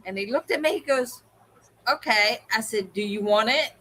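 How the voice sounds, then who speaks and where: Animated woman telling a story, bright voice. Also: fairly high pitch, moderate pace, poor audio. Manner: animated storyteller, acts out quoted people. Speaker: co-host of a livestream hangout. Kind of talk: casual storytelling chat.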